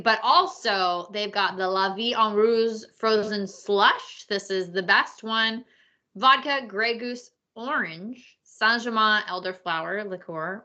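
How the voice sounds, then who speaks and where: A woman co-hosting a podcast in casual chat, giving quick, blunt opinions and pronouncing French dish names. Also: mid-range voice, sharp tone, highs cut off. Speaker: podcast co-host.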